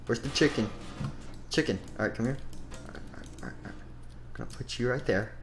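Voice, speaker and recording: A man's voice: medium pitch, normal speed, background noise, close to an everyday voice. A man voicing Springtrap, a goofy animatronic rabbit. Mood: busy. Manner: rambling, playful, mutters while busy. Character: goofy male animatronic rabbit searching for someone. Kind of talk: improvised game role-play.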